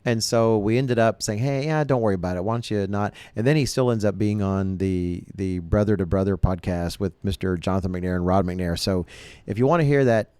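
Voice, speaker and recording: A man with a lowish voice talks through a casual podcast chat, earnest and a little rambling, circling back to restart phrases. The sound is close and dry, with no room around it. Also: brisk, a little mellow, clean tone, no room sound. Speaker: podcast host.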